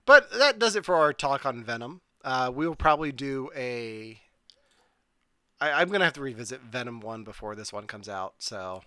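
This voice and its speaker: Podcast host guy on a video call, bright crisp voice, dry sound, chatty and jokey. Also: mid-range voice, animated, normal speed, no echo. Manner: upbeat, listing facts, joking asides. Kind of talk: casual chat.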